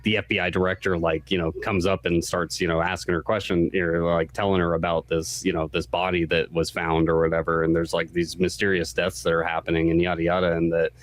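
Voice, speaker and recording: Low-voiced man rambling through a game chat. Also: little pitch movement, a little fast, few pauses, no room sound. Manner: rambling, profane, filler-heavy. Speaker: podcast co-host. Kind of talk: casual game discussion.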